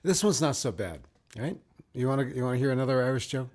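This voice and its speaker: Co-host, male, mid pitch, animated storyteller who laughs through his jokes. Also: quick pace. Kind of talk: casual joke-telling chat.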